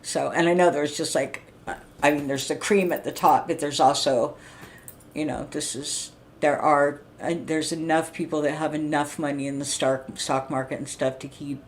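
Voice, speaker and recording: Middle-aged woman streamer, deep voice, blunt, profane, rambling vent. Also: fairly even intonation, normal speed. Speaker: livestreamer. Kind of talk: casual venting monologue.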